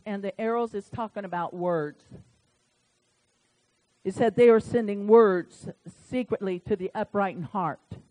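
A woman preaching from the pulpit with real fervor. She surges into loud, emphatic proclamations, then drops to a hushed, chatty storytelling voice before building up again. Her pitch sits in the middle of the usual range. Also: poor audio. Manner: fervent preaching, swinging from loud declarations to quiet storytelling. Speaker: pastor. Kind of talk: sermon.

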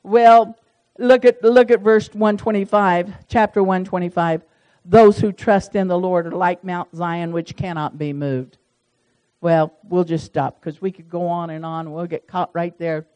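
A woman's voice: fairly low pitch, fairly even intonation, measured pace, mellow, low-quality recording. A woman leading a small-group Bible study, talking in a folksy, chatty way and reading verses aloud. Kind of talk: casual Bible study teaching.

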